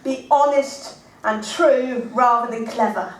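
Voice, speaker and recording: Actress as awkward woman, high and bouncy, rambling comic monologue, distant mic in an echoey hall. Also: fairly even intonation, slow. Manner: chatty, rambling, self-deprecating. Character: awkward adult woman, self-mocking and scatterbrained.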